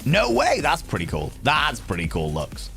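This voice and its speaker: A man chats with his viewers on a live stream in a loose, teasing way, and his pitch swings up and down with plenty of life. Faint music plays softly behind him. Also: wildly swooping pitch, normal speed, vocal fry. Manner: playful, teasing, greets viewers by name. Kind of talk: casual live-stream chat.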